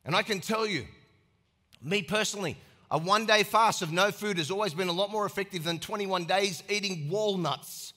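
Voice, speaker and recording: A man preaching a sermon as pastor, emphatic and animated, acting out little scenes. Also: sits high, moderate pace. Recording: echoey hall.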